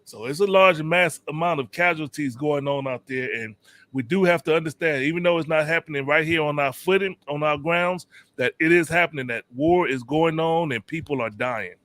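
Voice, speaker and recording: Steady man moderating a podcast. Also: fairly high pitch, moderate pace. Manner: steady, explains and cites figures. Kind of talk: casual panel discussion.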